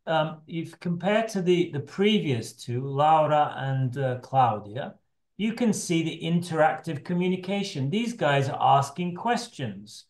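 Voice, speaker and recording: A man's voice: on the high side, lively intonation, measured pace. A middle-aged man leading an online teacher training session, talking loosely with frequent restarts over a video call. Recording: echoey room on a video call.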